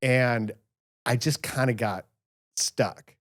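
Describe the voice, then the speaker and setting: A man hosting a casual family podcast, telling stories in an animated, self-mocking way. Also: medium pitch, slow. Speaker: podcast host. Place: home podcast studio.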